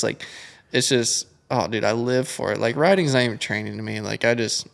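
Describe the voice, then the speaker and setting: Young male racer guest, mid-pitch gravelly voice, loose rambling chatter. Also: fairly quick. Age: young adult. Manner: rambling, filler-heavy, acts out buddies' lines. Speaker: pro flat track racer, guest. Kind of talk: casual podcast chat.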